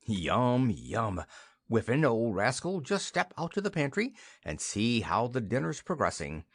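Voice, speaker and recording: A man voicing a plump, jolly old king in a storybook reading, with a raised, drawn-out, excitable delivery. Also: mid-range voice, no echo. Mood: gleeful.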